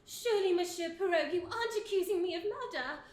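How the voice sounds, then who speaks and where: A woman's voice: extremely high pitch, fast. A woman playing a scheming posh murderess in a melodramatic stage comedy, heard on a theatre stage. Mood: indignant. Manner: melodramatic, arch. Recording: roomy stage with audience noise.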